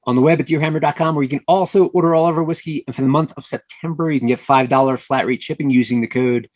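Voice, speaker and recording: A young man who runs a distillery, telling relaxed anecdotes in a casual chat. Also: fairly high pitch, fast talker, no echo. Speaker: distillery owner guest.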